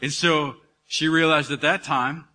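A man in his thirties preaching a sermon to a congregation, animated and calling out to the crowd. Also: a little high, measured pace, a little hiss or hum. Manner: animated, calls out to congregation, acts out dialogue. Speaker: pastor. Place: church hall. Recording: live hall recording with reverb.

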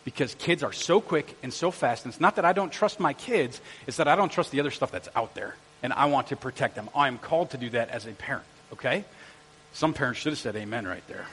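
A middle-aged male pastor preaching a lively sermon in a church auditorium, quizzing and joking with the congregation. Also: medium pitch, fairly quick, breathy edge. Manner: energetic, jokey, quizzes the congregation. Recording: long church hall reverb.

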